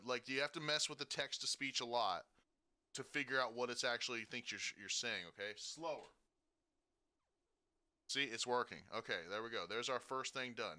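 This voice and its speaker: A man giving a casual software tutorial, talking through each step and checking in with frequent "okay?" and "right?". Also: medium pitch, clear, resonant tone. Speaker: streaming tutorial host.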